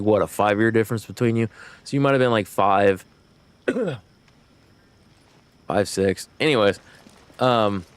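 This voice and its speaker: A man streaming a video game, telling a long family story in a rambling way and correcting himself as he goes. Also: on the low side. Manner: rambling, self-interrupting storyteller. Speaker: gaming streamer. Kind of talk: casual storytelling while livestreaming a game.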